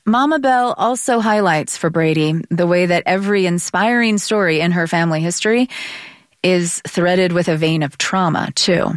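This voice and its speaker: A woman reporter narrating a scripted story and asking interview questions in a measured way. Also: fairly low pitch, no echo, clean studio sound. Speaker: radio reporter and host.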